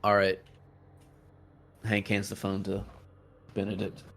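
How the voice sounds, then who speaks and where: A man's voice: lowish voice, completely flat delivery, takes it slowly, a bit bright. A man chatting casually as a player in a tabletop role-playing game, easygoing and planning moves.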